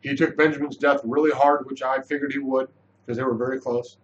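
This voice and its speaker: A man's voice: medium pitch, a little fast, highs cut off. Chatty man reviewing a TV episode. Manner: animated, loose and chatty with frequent restarts. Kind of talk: casual spoken review.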